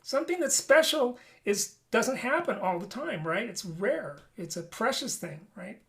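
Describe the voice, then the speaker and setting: A man's voice: sits high, expressive, measured pace, fairly bright tone. A man teaching a flute lesson in a webinar, talking conversationally and often checking in with "right?". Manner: demonstrates and explains playing habits.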